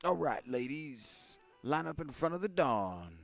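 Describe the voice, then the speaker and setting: A man hamming up a creepy mob boss, slow greasy drawl, lively pitch. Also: creaky, soft background music, full character voice. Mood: leering. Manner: drawn-out lecherous drawl. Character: sleazy leering male crime boss, grown man. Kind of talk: voicing game dialogue while playing.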